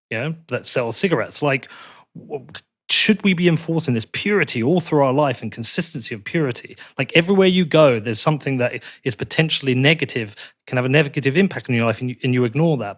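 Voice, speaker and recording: A man's voice: medium pitch, a bit bright. A man from the United Kingdom hosting a podcast, probing and pushing back with hypotheticals in a debate. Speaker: podcast host. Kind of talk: interview debate.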